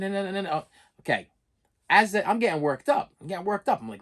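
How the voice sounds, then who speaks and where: A man's voice: high-pitched, big pitch swings, quick pace, a bit bright, a little hiss or hum. A middle-aged man telling a personal story to his channel, plain-spoken and emphatic, rambling, repeating phrases and restarting his sentences. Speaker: channel host.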